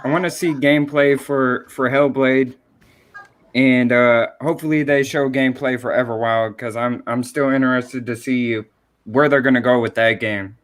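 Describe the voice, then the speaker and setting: Man, podcast co-host, mid-pitched voice, halting, restarts sentences. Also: fairly even intonation. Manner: hesitant, restarts his sentences. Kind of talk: casual gaming discussion.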